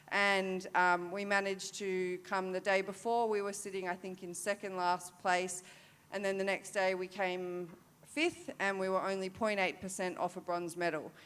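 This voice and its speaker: A woman's voice: fairly low pitch, clear, resonant tone. An Australian woman in her thirties, a para-dressage rider, candidly telling a story at a forum, with many fillers and restarts.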